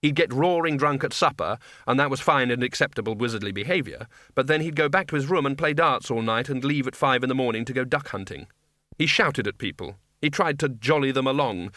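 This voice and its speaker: A man narrates a scripted comic fantasy audiobook in a dry, wry storytelling style on a close studio mic. His mid-range voice is bright and forceful, and the recording is dry.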